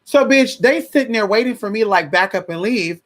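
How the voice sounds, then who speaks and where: A woman vlogger casually telling a story to a viewer, sassy and slangy, acting out what people said. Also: fairly quick. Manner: sassy, animated, slangy, swings pitch widely acting out quotes. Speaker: vlogger giving advice.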